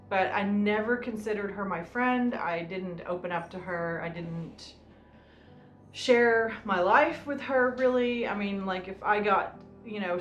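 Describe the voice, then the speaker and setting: A woman's voice: medium pitch, fairly bright tone, a little hiss or hum. A woman vlogger telling a personal story in casual chat, rambling with many fillers like "um" and "you know". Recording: roomy room with faint music.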